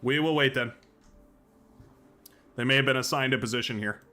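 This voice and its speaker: Bright-voiced, chatty game streamer man. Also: mid-range voice, moderate pace, slight background noise. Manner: chatty, thinking aloud, excitable. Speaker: streamer playing a strategy game. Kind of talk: live game-stream commentary.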